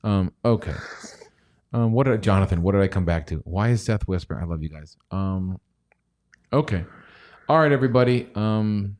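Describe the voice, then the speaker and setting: A man's voice: fairly low pitch, expressive, normal speed, pauses often, darkish tone. A man hosting a casual stock livestream, rambling and joking, sometimes dropping to near-whispers. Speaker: stock show host; chemist.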